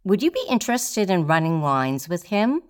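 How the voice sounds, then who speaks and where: A casual, friendly young social worker chatting on the phone, as a woman telling her story puts her on. The voice is smooth and fairly low, with an easy, upbeat lift. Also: sing-song, normal speed.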